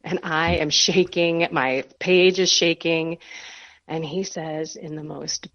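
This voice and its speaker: A woman guest on a radio interview, telling a personal faith story in an animated, self-deprecating way. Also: sits low, slow, highs cut off. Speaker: guest author.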